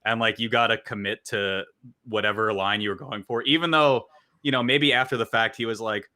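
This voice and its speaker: A man's voice: lowish voice, brisk. A man co-hosting a casual gaming podcast, telling stories and acting out what others said. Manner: animated storyteller who acts out quotes in raised voices. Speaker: podcast co-host and content creator. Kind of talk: casual chat.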